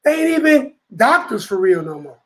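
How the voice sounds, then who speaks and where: A man leads a Bible study with an emphatic preaching delivery, his voice sitting notably high. He keeps checking in with the listeners around him. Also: big pitch swings, normal speed, a bit bright, poor audio. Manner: emphatic, repeats "you know what I'm saying". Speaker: teacher leading a Bible study. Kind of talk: preaching to a room of brothers.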